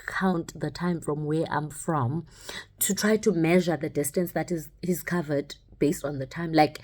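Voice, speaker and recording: A young woman telling a personal story in a casual, animated way, acting out the dialogue. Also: deep voice. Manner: animated, acts out the dialogue, many "like"s.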